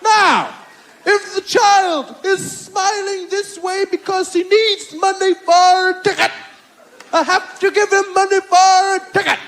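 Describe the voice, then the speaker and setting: A man doing a stand-up impression of a prim, fussy older father who talks slowly and deliberately and scolds about filth. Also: fairly even intonation, fairly bright tone, in a large hall, heavily acted. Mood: storytelling. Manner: slow, fussy and deliberate, with high squeaky exclamations. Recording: live stand-up with audience.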